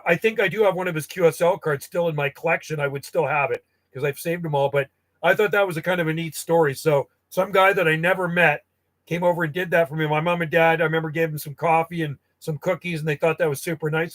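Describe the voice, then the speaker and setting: A man's voice: sits high, fairly bright tone. A man in his fifties from Canada, telling rambling stories from his years as a radio hobbyist and often correcting himself. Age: 50s. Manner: rambling, self-correcting, nostalgic. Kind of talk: casual storytelling.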